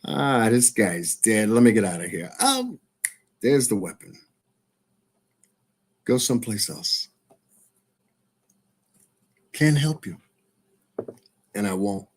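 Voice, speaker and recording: A man hosting his live stream, signing off in a relaxed, chatty way and laughing often. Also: on the low side, slow pace, long pauses. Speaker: host of a live show. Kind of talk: casual live-stream sign-off.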